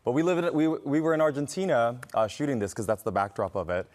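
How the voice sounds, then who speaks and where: A man's voice: mid-range voice, fast. A man, an actor guest, animatedly telling stories in a morning TV studio interview, laughing often. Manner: animated, expressive storyteller who laughs often.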